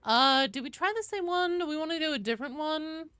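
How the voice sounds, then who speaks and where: A woman's voice: high-pitched, brisk, sharp tone, no echo. A young woman streaming a game from her home office, chatting casually with her viewers and reading out the queue. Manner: chatty, talks to chat and her cat. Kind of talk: casual live-stream chat. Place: home office with door closed.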